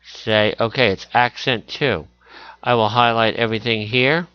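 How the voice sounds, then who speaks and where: A man teaching a screen-recorded software tutorial, talking through each click as he goes and correcting himself along the way. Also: medium pitch, steady tone, a little slow, clean tone, no echo, highs cut off.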